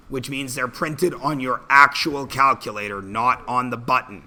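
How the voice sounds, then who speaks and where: A male math teacher with a medium-pitched voice that sounds pushed and bright talks a little slowly. He's reviewing algebra in class, working problems stepwise and questioning students as he leads them through.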